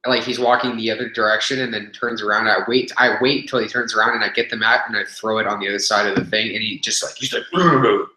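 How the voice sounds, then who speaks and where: A young man talks fast with barely a pause, his fairly low voice flat in delivery but bright and forceful, telling a gym story on a casual webcast. He rambles, swears freely, and fills it with fillers and restarts. The webcam audio echoes around the room.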